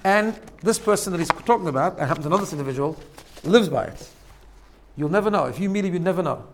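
A man speaks to a congregation in a loose, conversational sermon style. His voice sits a little higher than most men's, and he keeps checking in with his listeners and restarting his phrases. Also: animated, fast. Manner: conversational, asks rhetorical "right?", self-corrects and restarts. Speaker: rabbi giving a talk.

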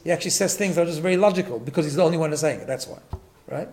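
A man's voice: a little high, rapid-fire, darkish tone. A man teaching a Torah class, emphatic, often repeating words and checking in with "right?". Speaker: rabbi.

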